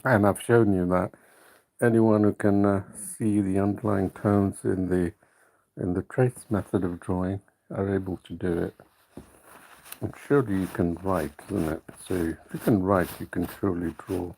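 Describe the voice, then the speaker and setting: A man hosting a live stream drawing tutorial, talking in a relaxed, rambling way and often correcting himself. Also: low-pitched, normal speed, creaky. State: hiccuping.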